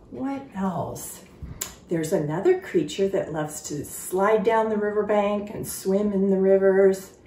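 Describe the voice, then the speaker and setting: Slow, lively woman teaching phonics. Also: medium pitch, roomy sound, recorded from a distance, slight background noise. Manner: slow, clear and encouraging, stretching out sounds. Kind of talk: children's phonics lesson. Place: sitting on a stool in a room.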